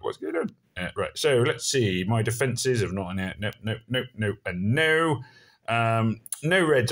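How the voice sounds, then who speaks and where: Middle-aged Somerset man, low voice, casual gameplay commentator, rambly and self-mocking. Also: a bit bright. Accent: Somerset English. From Somerset, England. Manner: rambling and self-deprecating, with many fillers. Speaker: gaming video creator.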